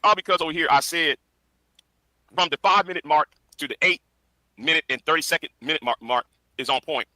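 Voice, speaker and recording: Bright, sharp-voiced lecturing man. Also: fairly high pitch, dry recording, poor audio. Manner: preachy, lecturing, halting restarts. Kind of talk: lecturing video commentary.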